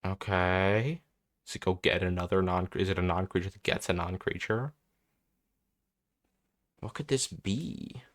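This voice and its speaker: A man's voice: low-pitched, measured pace, long pauses. A young man commenting on his own card game match as he plays, thinking aloud, swearing and getting exasperated. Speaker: content creator playing a card game. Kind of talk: gameplay commentary.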